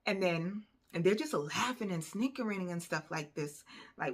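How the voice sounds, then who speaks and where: A woman telling a personal story in a casual vlog, animated and conversational, with plenty of fillers. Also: on the low side, normal speed, slightly rough. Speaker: vlogger.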